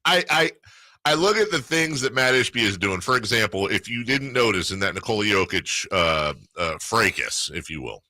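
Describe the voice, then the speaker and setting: A man hosting a sports radio show, telling animated stories in casual banter. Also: lowish voice, dry recording. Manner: animated storyteller, excitable, quick asides. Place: radio studio.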